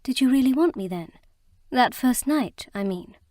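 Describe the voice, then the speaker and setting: A woman voicing an earnest, emotional young bride in an audiobook, speaking in a halting, heartfelt way. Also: high-pitched, lively intonation, darkish tone, dry recording, studio quality, pitched above the performer's own voice. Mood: wondering. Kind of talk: audiobook character reading.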